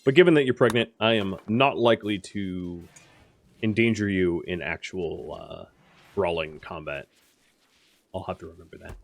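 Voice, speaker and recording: A man's voice: low-pitched, moderate pace, vocal fry. A man casually commentating a strategy game, thinking aloud and explaining the rules with frequent fillers. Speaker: gaming video host.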